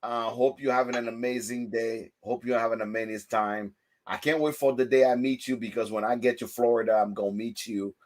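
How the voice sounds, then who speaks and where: Guy hosting a live chat, mid-pitched voice, gets loud and animated telling stories. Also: brisk. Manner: animated storytelling, acts out quotes loudly. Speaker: host. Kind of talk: casual livestream chat.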